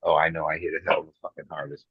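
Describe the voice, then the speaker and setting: A man's voice: extremely low pitch, flat delivery, racing, breathy edge, dry recording, phone-quality sound. A man chatting casually as a guest on a stream, loose and swearing as he tells stories. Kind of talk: casual chat.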